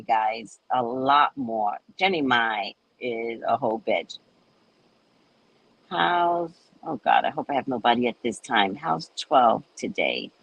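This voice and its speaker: Her voice rumbles low. She's an older woman from New Orleans, accent and all, hosting live and telling casual, animated stories with big swings in her delivery. The recording is dry and the audio poor.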